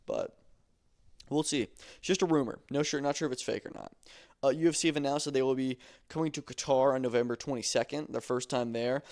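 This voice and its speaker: Man, gravelly, mid pitch, casual opinionated podcast chat. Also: darkish tone. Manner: loose and opinionated, swears casually. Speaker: podcast host. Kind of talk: casual chat about combat sports news.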